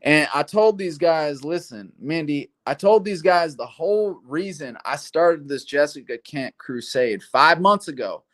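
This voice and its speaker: A man's voice: fairly high pitch, expressive, a little slow, few pauses, fairly bright tone. A man giving casual, profane livestream commentary, peppering his talk with "man". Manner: casual, slangy, profane, says "man" often. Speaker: YouTube livestreamer.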